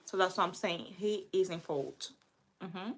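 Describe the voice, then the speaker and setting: A woman's voice: on the low side, measured pace, husky. A woman in her early twenties telling a personal story in a vlog, rambling and full of "like". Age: 20s. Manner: rambling, heavy use of "like", restarts.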